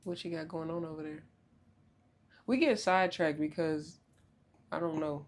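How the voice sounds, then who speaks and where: A young woman hosting a podcast in casual chat, loud, joking and profane, with big swoops in pitch. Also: normal speed. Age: young adult. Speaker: podcast host.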